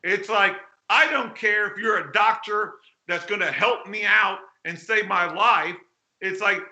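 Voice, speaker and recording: Bright, high-voiced, fired-up male keynote speaker. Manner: animated, blunt and exclamatory, with acted-out quotes and mild swearing. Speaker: keynote speaker at a hacking conference. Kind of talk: energetic conference keynote. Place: conference hall. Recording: roomy hall echo.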